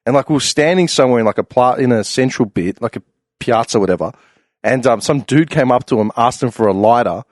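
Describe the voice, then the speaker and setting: Animated Australian man telling a story. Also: medium pitch, fast talker, no echo, studio quality. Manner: animated, acts out quoted voices loudly, laughs often. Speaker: podcast panelist. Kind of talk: casual storytelling chat.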